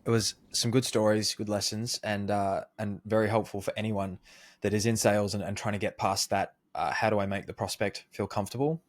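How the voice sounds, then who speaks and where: A man co-hosting a podcast, telling stories in a relaxed, conversational way. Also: fairly low pitch, fairly quick. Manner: relaxed, acts out quoted dialogue. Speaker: podcast co-host. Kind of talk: casual conversational storytelling.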